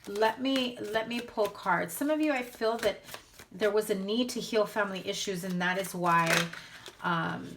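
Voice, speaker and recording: A woman's voice: medium pitch, moderate pace, background noise. A woman giving a casual spoken tarot reading to her viewers, blunt and candid, speaking straight out. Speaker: tarot reader.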